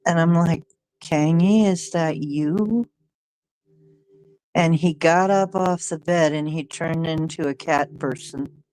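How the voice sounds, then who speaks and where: A woman hosting her channel, telling a personal story in a halting way, often repeating herself and sighing. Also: low voice, little pitch movement, darkish tone, no room sound. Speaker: channel host.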